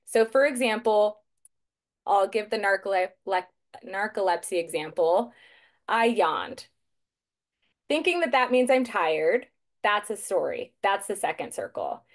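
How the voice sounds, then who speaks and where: A woman coach shares a personal story in a relaxed online talk, with a middle-range voice for a woman. She sounds lively and conversational, and she acts out what she used to think to herself. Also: medium pitch, unhurried. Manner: lively, conversational, acts out her own past thoughts. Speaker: guest speaker, mental performance coach.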